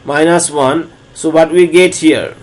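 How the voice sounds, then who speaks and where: A man lecturing on differential calculus, walking through each step slowly and repeating phrases as he explains. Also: on the high side, steady tone, darkish tone. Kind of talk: recorded math lecture.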